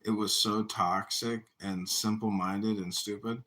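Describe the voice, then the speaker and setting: A man trading mocking jabs in casual live stream banter, needling and teasing, swinging between loud jabs and quick muttered asides. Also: fairly low pitch, steady tone. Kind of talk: casual trash-talk banter.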